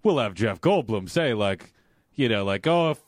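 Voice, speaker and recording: A man improvising a rambling, sleazy Hollywood movie producer who pitches ideas with constant restarts and defensive "listen"s. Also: animated, moderate pace, no echo, studio quality, close to an everyday voice. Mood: pitching.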